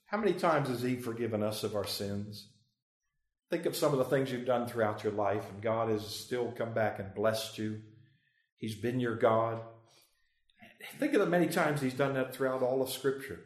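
A man teaching a Bible class in an echoey room, at a middle pitch. He leans hard on key phrases, slows right down to drive them home, and chuckles as he quizzes his listeners. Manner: chuckles often, asks the group questions. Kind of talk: interactive Bible study teaching.

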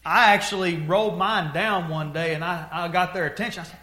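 Folksy preacher in an echoey room. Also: male voice, high voice, fast talker, hardly any pauses. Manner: folksy storytelling, swings from hushed grief to loud exhortation. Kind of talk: sermon.

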